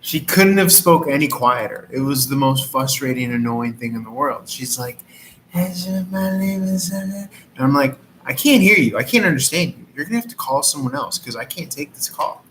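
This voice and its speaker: A man's voice: medium pitch, fairly bright tone, a little hiss or hum, rough recording. A man hosting a casual tarot livestream, joking and mocking with a lot of profanity and laughter. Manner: counts slowly aloud. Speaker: tarot reader and livestream host.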